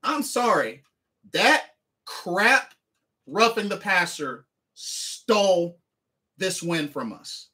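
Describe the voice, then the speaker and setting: A man's voice: high voice, sing-song, slow, pauses often, bright, forceful tone. A man streaming a sports game recap, talking emphatically and repeating the same phrases again and again. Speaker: livestreamer and sports fan.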